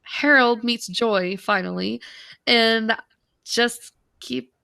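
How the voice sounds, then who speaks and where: A woman's voice: on the high side, slow pace, gravelly, pushed and bright, clear, resonant tone, no room sound. A woman co-hosting a podcast, chatting casually with a wry, amused manner. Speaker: podcast co-host. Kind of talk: casual review chat.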